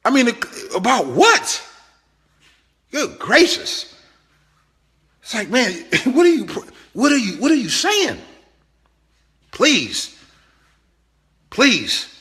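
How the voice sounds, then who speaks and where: A man giving a motivational business talk, animated and pleading, repeating himself for emphasis. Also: very high-pitched, takes it slowly, long pauses. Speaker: business trainer.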